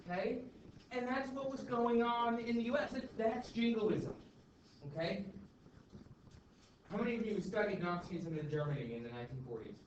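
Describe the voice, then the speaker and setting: A man's voice: high voice, moderate pace, long pauses. Guy teaching a class, chatty, keeps saying okay and right, echoey room, kinda distant and noisy. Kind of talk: classroom lecture. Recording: echoey classroom, far mic, dull and noisy.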